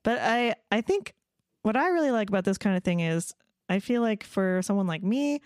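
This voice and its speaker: Woman co-host, animated and chatty, dry mic, expressive range. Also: medium pitch, moderate pace, clear, resonant tone, no room sound. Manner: animated, acts out quoted voices, laughs often. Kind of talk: casual chat.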